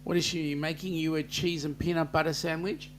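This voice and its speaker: A man's voice: a little high, fairly even intonation, a little fast, a little hiss or hum. An Australian man hosting a casual live-stream chat, jokey and chatty as he greets viewers by name and reads out their comments. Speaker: host.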